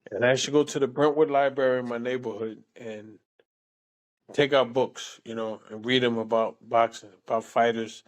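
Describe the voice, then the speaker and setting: Older male guest, animated, salty storyteller, mid-range voice. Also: mid-range voice, moderate pace. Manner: animated, salty, repeats words and says "man" often. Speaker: interview guest. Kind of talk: casual storytelling.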